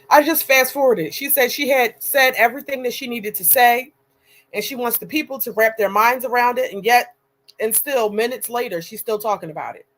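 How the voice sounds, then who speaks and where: A woman's voice: fairly high pitch, normal speed, a bit bright. A woman hosting a reaction video, chatty and exasperated as she comments and reads viewer comments aloud. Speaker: reaction channel host.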